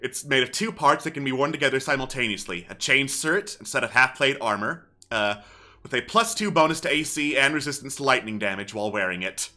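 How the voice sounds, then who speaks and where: Bright-voiced man running a tabletop game. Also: mid-range voice, expressive. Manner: reads a letter slowly and softly. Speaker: game master.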